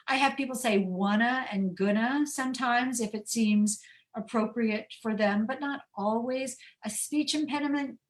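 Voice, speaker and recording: A woman author answering audience questions in a chatty, animated way on a video call, often restarting her phrases. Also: a little high, low-quality recording. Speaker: author guest.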